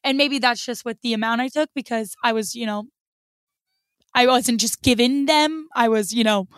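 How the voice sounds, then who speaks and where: Woman with a smooth, clear voice. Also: a little high, normal speed, no echo. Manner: rambling, heavy use of filler "like". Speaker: podcast co-host. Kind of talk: casual chat.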